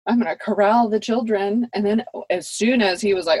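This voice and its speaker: A woman's voice: medium pitch, a little fast, darkish tone, husky, no echo. A woman podcast co-host chatting casually, with an easygoing, laid-back manner. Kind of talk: casual chat.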